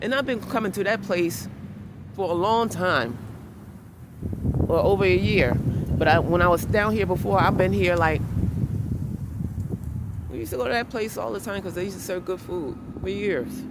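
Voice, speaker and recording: A woman vlogging and telling a story in a blunt, animated way that turns heated. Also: mid-range voice, normal speed, long pauses. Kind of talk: casual storytelling vlog. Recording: clear outdoor street noise behind.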